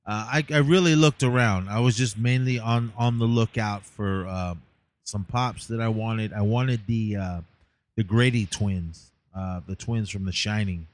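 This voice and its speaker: A man with a lowish voice rambles through a casual recap of his day. He sounds tired and leans on fillers as he goes. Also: measured pace. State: tired, yawning. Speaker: podcast host.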